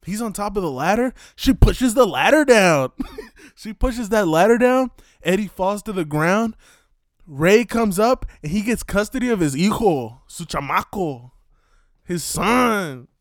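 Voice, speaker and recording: A man casually retelling wrestling storylines, animated and laughing often, dropping in Spanish words. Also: high voice, a little slow, dry recording, clean studio sound. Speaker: wrestling fan commentator.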